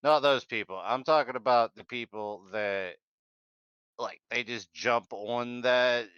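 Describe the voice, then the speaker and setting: Casual podcast dude, blunt and sweary, lots of "like" and "you know", dry close sound. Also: male voice, mid-range voice, slow, a bit bright, clear, resonant tone, dry recording, highs cut off. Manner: blunt, profane, rambling with many fillers. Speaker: podcast co-host. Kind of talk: casual chat.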